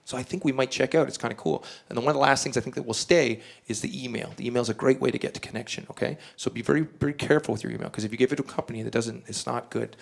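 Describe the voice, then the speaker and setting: A man's voice: medium pitch, rapid-fire, creaky, few pauses. A man doing brash, crude stand-up comedy and improvised songs with the crowd at a live venue.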